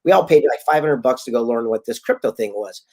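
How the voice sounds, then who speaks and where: A man being interviewed as a guest author, telling stories in a casual, animated way and acting out the people he quotes. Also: medium pitch, quick pace. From Southern California. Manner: animated storyteller, acts out quotes.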